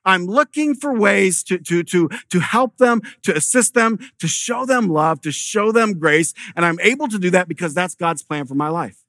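Male pastor, middle-aged, bright forceful tone, dry close sound, chatty sermon with stories. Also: sits high, lively intonation, normal speed, few pauses, dry recording. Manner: conversational preaching with storytelling and repeated restarts.

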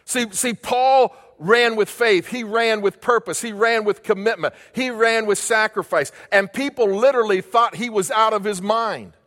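An older male pastor with a notably high voice delivers an emphatic sermon, hammering home phrases by repeating them and asking the room rhetorical questions. His words ring out with the long, lingering reverb of a large church hall. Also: moderate pace, few pauses, fairly bright tone.

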